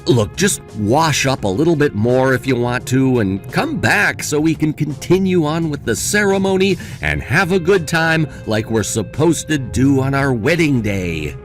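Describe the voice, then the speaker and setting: A man plays a young man in a dramatized story, mocking and dismissive one moment, sympathetic the next. His voice moves around a lot in pitch. Light background music plays under the dialogue. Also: lively intonation, measured pace, hardly any pauses, lightly acted. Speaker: voice actor in a story video. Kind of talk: scripted voice acting.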